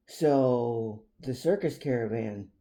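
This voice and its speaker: Man doing a wise old-fashioned owl, formal and exact, mellow low tone, storybook reading. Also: close to an everyday voice. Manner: precise, formal, measured. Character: wise formal male great horned owl.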